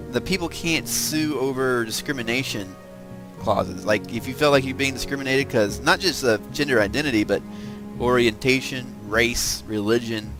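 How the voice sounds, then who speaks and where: Southern guy doing a chill let's play, mid-pitched voice, thinks out loud a lot, music playing behind. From American South. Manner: relaxed, rambling, musing aloud with fillers. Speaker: gaming video host. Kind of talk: casual let's-play commentary.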